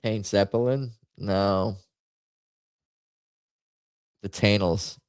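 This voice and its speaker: A man with a fairly low voice chats casually while he plays a party game on stream. He rambles and jokes at his own expense. The sound is dry and close, with no room echo. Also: fairly even intonation, very slow, smooth. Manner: rambling, jokey, self-mocking commentary. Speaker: stream host playing party games.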